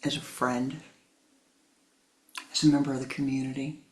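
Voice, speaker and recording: A man's voice: medium pitch, flat delivery, moderate pace. A man, a spiritual teacher, telling a teaching story in a conversational way with many asides.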